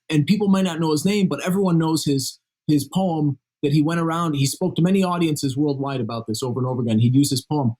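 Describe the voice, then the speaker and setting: Guest author, male, slightly high and husky, earnest explainer. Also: a little fast, a little mellow. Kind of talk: conversational interview.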